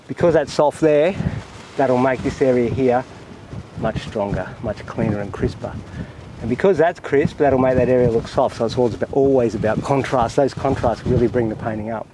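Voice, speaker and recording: A man's voice: mid-range voice, moderate pace, noisy background. A man, talking through his painting outdoors in an easy, reflective way. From Australia. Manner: relaxed, reflective, talks to himself while painting. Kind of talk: painting demonstration commentary. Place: outdoors in windy open country.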